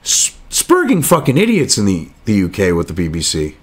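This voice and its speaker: A man's voice: fairly low pitch, wildly swooping pitch, normal speed. A man reading news articles aloud and cutting in with angry, profane, sarcastic rants, as host of his own commentary show.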